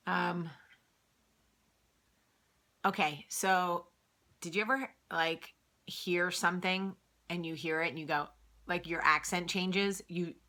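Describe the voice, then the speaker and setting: A woman's voice: low voice, bright, forceful tone. A woman in her late thirties hosting a vlog, chatting candidly with lots of fillers. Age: late 30s. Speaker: vlog host. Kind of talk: casual chat.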